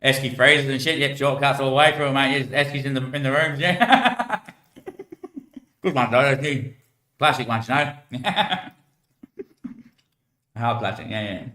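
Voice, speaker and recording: A man's voice: medium pitch, expressive, a little slow, pauses often, bright, forceful tone. A man with an Australian accent who rambles casually and laughs often as he jokes along. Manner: laughs often, loose and joking. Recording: echoey room.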